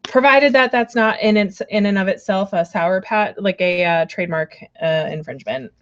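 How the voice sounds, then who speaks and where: A woman's voice: mid-range voice, normal speed, lo-fi sound. A woman giving casual card readings on a live stream, rambling with lots of fillers, laughing and apologizing often.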